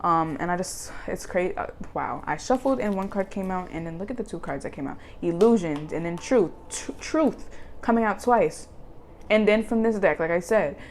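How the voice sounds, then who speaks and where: A young woman talks through a tarot card reading in a casual, chatty way. She gets excitable and emphatic, and she repeats phrases to drive her point home. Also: lowish voice, moderate pace, a little hiss or hum. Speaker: tarot reader.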